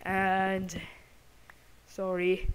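A woman's voice: medium pitch, completely flat delivery, very slow, clean tone. A woman hosting a gameplay video, chatting to viewers while putting on an exaggerated British accent. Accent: put-on British. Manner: chatty, apologetic asides to viewers. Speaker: gaming channel host. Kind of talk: gameplay commentary.

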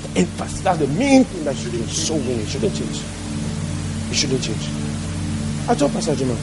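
A man's voice: a little high, sing-song, moderate pace, long pauses, over loud music, rough recording. A man preaching a sermon as pastor, emphatic and repeating his key phrases for stress.

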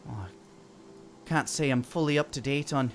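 A man's voice: medium pitch, measured pace, slight background noise, natural voice. A man voicing a folksy male woodland guide in a tabletop game.

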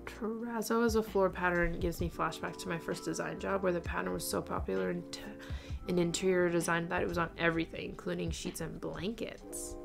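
A woman's voice: on the low side, steady tone, brisk, creaky, over music. A woman hosting a casual knitting livestream, chatting and reading viewer comments aloud with frequent laughter. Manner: chatty, laughs often, reads chat aloud.

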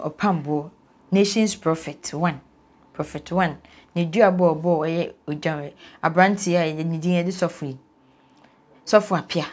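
A woman with a Ghanaian accent hosting an interview, affirming her guest often. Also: fairly low pitch. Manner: affirming with amens and mm-hmms. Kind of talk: interview talk.

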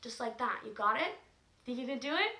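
Lively high-voiced woman teaching children. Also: a little fast, roomy sound. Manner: encouraging, sing-song, talking to young children. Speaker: music and movement teacher. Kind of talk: children's class lesson.

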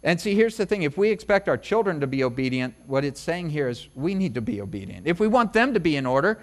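A man's voice: fairly high pitch, big pitch swings, quick pace. A middle-aged man preaching as a pastor, in a conversational sermon full of asides and personal stories. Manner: chatty, storytelling, many asides. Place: church service.

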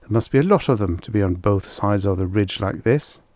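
A man voicing a nervous young male hunter who keeps talking himself into calm. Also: lowish voice, brisk, dry recording, close to an everyday voice.

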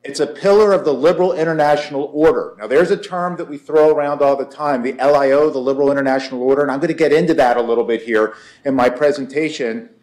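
A man's voice: mid-range voice, fast talker, hardly any pauses, darkish tone. A man in his forties giving a conference lecture, wry and story-driven, often checking in with "right?". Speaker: conference speaker, war college lecturer. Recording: echoey lecture room.

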